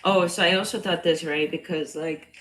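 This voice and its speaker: A young woman with a slight Bronx accent who is a cycle coach, chatting casually on a livestream. Her voice is loud and a bit nasal, and she talks bluntly, swears freely and laughs often. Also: fairly low pitch, steady tone, moderate pace, low-quality recording. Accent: slight Bronx New York.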